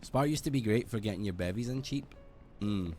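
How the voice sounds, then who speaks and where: A British man streaming a game, chatting casually in a rambling, sweary, animated way. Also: lowish voice, brisk, soft background music. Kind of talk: casual gaming stream chat.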